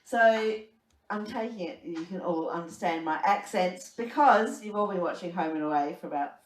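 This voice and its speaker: A woman's voice: lowish voice, moderate pace. Australian woman doing bawdy stand-up. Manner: bawdy, chatty storytelling with laughs. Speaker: stand-up comedian. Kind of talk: stand-up comedy set. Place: pub comedy club. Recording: echoey room from far off.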